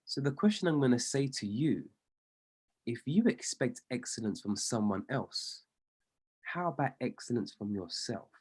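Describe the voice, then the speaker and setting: A trading coach delivers a motivational talk to a room of traders, his pitch leaping and dipping throughout. Like a preacher, he leans on repetition and emphasis and builds each point as a story. His voice is expressive and darkish with a breathy edge, at normal speed.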